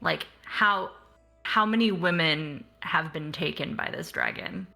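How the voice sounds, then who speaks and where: A woman playing a tabletop game, talking in a hesitant, halting way with many fillers. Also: low voice, gravelly, pushed and bright, soft background music. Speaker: player.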